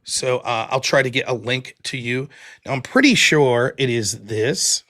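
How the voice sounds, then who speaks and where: A man's voice: medium pitch, unhurried, fairly bright tone. A man hosting his own live stream, chatting casually in a rambling, self-deprecating way. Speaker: show host.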